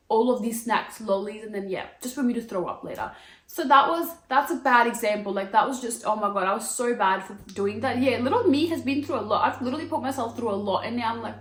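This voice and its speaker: A woman in her twenties talks straight to her viewers in a chatty, gushing way, leaning on "like" and "wow." Her voice sits a little high. The room around her adds a noticeable echo. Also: a little fast. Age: 20s. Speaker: lifestyle vlogger. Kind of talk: casual chat to camera.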